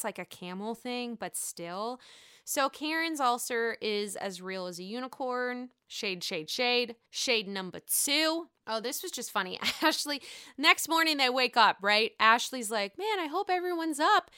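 A woman's voice: fairly high pitch, bright, forceful tone, clear, resonant tone, dry recording, studio quality. A woman hosting a casual reality TV recap, chatty and profane with sassy asides.

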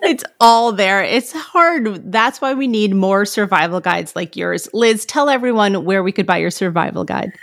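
A woman's voice: medium pitch, lively intonation, moderate pace, gravelly, few pauses, fairly bright tone. A woman hosting a podcast, chatting enthusiastically with her guest and signing off with a friendly outro. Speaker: podcast host. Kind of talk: casual interview chat.

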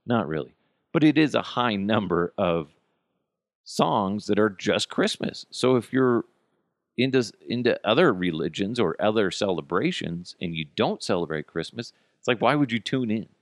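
A low-voiced man rants through his own podcast, swinging widely up and down with sarcastic, profane jabs. He sits close to a dry mic, with no room sound around him. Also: lively intonation, moderate pace, dry recording. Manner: profane, sarcastic, sudden yelled outbursts. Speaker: podcast host. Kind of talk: casual comedic rant.

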